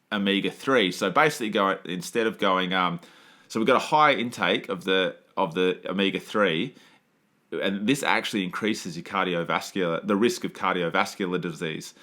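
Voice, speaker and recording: A man's voice: low voice, pushed and bright. A man hosting a podcast, talking casually and rambling with many fillers and restarts. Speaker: podcast host.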